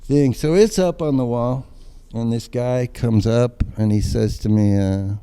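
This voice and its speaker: Older male artist, warm dark timbre, lively anecdotal storyteller. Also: medium pitch, a little slow, clean tone. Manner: animated storyteller acting out quoted voices. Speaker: guest artist. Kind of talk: casual storytelling chat.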